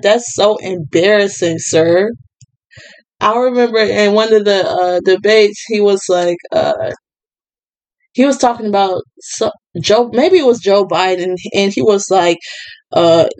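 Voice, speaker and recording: A woman's voice: mid-range voice, fairly even intonation, slow pace, darkish tone, poor audio. Woman ranting on her vlog, sarcastic, lots of um and like. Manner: exasperated, sarcastic, many fillers. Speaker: commentary vlogger. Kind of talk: casual political commentary.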